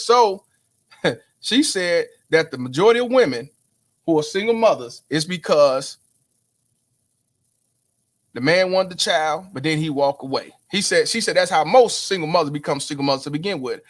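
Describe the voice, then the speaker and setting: A man hosting his own show, talking straight to viewers in an emphatic, preachy way, asking them rhetorical questions. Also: fairly high pitch. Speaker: host. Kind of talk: casual commentary to viewers.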